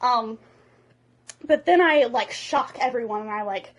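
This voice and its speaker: A woman's voice: a little high, measured pace, pauses often. Profane, rambling woman vlogger. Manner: casual, profane, rambling, with many "like" fillers. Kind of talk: comedic movie retelling from memory.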